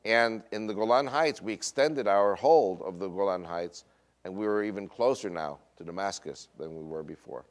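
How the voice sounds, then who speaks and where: A man from Israel giving a recorded lecture. He speaks emphatically and slows down to stress key words. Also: lowish voice.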